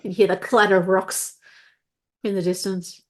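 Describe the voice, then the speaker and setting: A woman running a tabletop role-playing game as game master, narrating scenes in a relaxed, conversational way. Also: mid-range voice, moderate pace.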